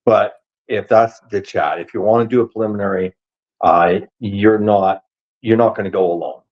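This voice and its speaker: A man hosting a paranormal investigation podcast in casual chat, talking over a video call and quick to laugh. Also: on the low side, highs cut off. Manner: animated, laughs easily, rapid asides.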